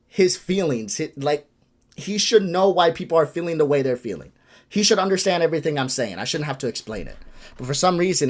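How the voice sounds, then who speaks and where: A man's voice: medium pitch, big pitch swings, a little fast. A man hosting a reaction video, ranting in a frustrated, profane, lecturing way. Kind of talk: ranting commentary.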